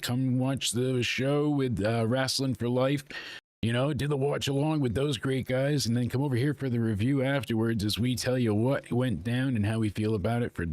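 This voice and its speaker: A man's voice: mid-range voice, dry recording. A man hosting a casual live review, retelling scenes in a loose, chatty way full of "you know" and "he's like". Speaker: wrestling show reviewer, host.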